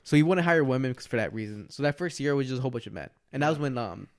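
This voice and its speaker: A young man talking casually on a podcast at an everyday middle pitch. He rambles through a long story in a loose, conversational way, slipping into quick impressions of the people in it. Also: expressive. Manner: rambling storyteller who acts out other people's lines. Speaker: podcast co-host.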